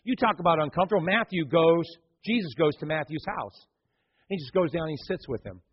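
A man preaching to his church, his voice sitting fairly high and carrying a husky grain. He tells the story with energy, acting out characters and turning to joke with the people in the room. The sound is a little dull and muffled. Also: a little fast. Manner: animated storytelling, acts out scenes, jokes with the congregation. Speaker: pastor. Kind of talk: sermon. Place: church sanctuary.

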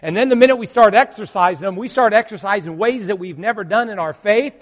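Pastor, male, high voice. Animated sermon with acted-out groans, long hall reverb. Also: fast talker.

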